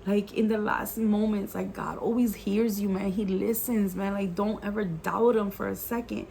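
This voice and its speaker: A woman's voice: mid-range voice, fairly even intonation, normal speed, vocal fry, warm tone, a little hiss or hum. A woman telling a personal faith testimony in a casual vlog, earnest and emotional, with many "like" fillers and the odd Spanish phrase. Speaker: YouTuber sharing a faith testimony.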